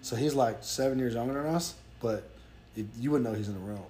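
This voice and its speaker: Young southern guy talking quick on a podcast, tells stories and does the voices. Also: medium pitch, a little hiss or hum. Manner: fast-talking storyteller, animated quoting. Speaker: podcast guest. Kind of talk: casual chat.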